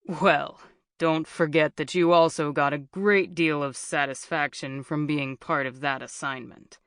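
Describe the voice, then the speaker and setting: A woman voicing a veteran male journalist who speaks in a gravelly voice with a grave, somber tone. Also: fairly high pitch, steady tone, measured pace, fairly bright tone, no room sound, studio quality.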